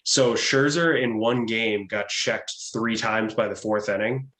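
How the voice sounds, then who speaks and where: A man's voice: lowish voice, measured pace, fairly bright tone. Rambling man in an echoey room. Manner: rambling storyteller, laughs through anecdotes. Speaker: podcast co-host. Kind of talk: casual chat.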